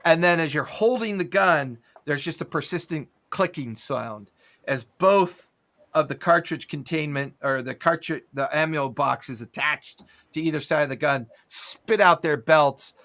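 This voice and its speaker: A man runs a tabletop game, narrating a battle in cinematic detail while keeping a relaxed, chatty delivery with the odd filler. His voice is bright and forceful and sits a touch high. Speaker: game master.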